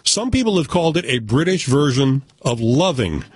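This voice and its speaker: A man's voice: mid-range voice, very animated, moderate pace, slightly rough, dry recording. A man from the United States giving a casual, opinionated film review with joking asides. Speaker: film critic.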